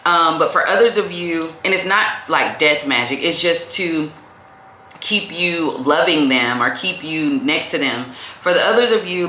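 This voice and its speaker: Low, bright-toned woman reading tarot. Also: a little hiss or hum. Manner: chatty, calls the viewer "baby", lots of "like". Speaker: tarot reader. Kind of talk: casual tarot reading to camera. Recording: echoey room.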